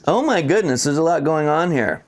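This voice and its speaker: Animated, laughing American man. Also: a little high, moderate pace. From United States. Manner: laughs often, easygoing. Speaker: podcast co-host. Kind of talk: casual chat, unboxing fan mail.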